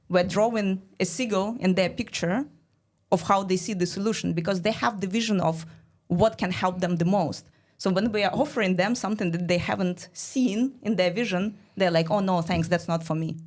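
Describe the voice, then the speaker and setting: Quick-talking woman explaining business ideas. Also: mid-range voice, darkish tone. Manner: explanatory, peppered with "like". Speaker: guest, startup studio founder. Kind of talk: casual podcast conversation.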